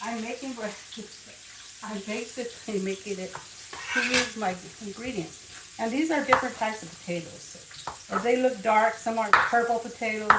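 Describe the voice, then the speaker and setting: An older woman hosting a casual home cooking demonstration, chatting and wandering into family stories as she works. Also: fairly high pitch. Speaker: cooking show host. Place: home kitchen. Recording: echoey kitchen, distant mic, frying noise. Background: sizzling and frying food.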